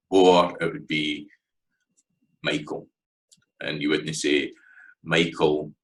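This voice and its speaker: A man with a Scottish accent giving a casual spoken lesson, relaxed and hesitant, with many fillers and restarts. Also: very deep voice, poor audio. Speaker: language teacher.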